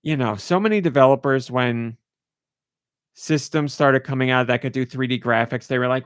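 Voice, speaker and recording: A man's voice: medium pitch, normal speed, smooth, no room sound, studio quality. A man hosting a podcast, chatting casually and gushing with enthusiasm. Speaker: podcast host.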